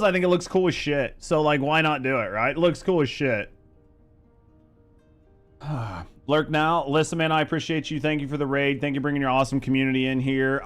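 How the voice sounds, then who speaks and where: A young man hosting a game stream, his voice smooth and clear at an ordinary pitch. He swears freely and jokes crudely with his viewers in relaxed, rambling chat. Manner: loose, profane, joking banter with chat. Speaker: streamer and gaming host. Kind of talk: casual live-stream chat.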